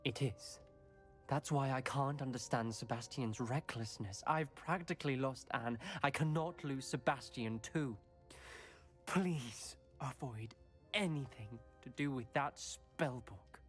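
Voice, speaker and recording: A man's voice: mid-range voice, slow pace, faint music behind, natural voice. An actor playing an earnest, protective young male wizard student who reproaches a friend. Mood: pleading.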